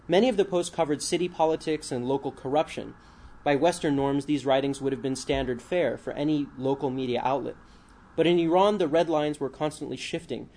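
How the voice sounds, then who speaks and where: A man's voice: medium pitch, dark tone. A male author speaking at a book talk, hesitant with many fillers, then reading a passage from his book.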